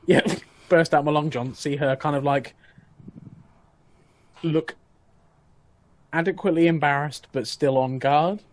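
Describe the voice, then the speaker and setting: A man's voice: fairly high pitch, fairly even intonation, unhurried, pauses often. Chatty man on a noisy mic. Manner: loose, chatty, filler-heavy. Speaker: player. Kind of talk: casual tabletop play.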